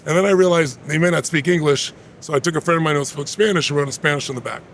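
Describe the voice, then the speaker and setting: A man in his sixties, a guest in an interview, telling a personal story in an animated, emphatic way with a gravelly voice. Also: on the high side, fast talker, a little hiss or hum.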